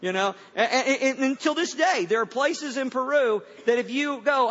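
Older pastor preaching in a reverberant hall. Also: male voice, very high voice, normal speed, few pauses, fairly bright tone. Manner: repeats words when starting a thought, folksy storytelling. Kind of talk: sermon. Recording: dull sound with long hall reverb.

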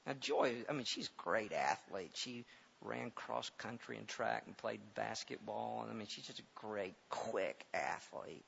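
A middle-aged pastor telling a personal story in a sermon, halting and repeating words, then growing loud and emphatic as he preaches. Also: fairly low pitch, gravelly. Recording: dull lo-fi recording with faint hiss.

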